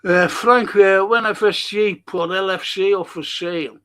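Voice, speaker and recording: Reading chat comments aloud on his livestream podcast, this host launches into a profane, heated rant packed with rhetorical questions. His voice sits high and a bit bright, with a steady tone and a slightly slow pace.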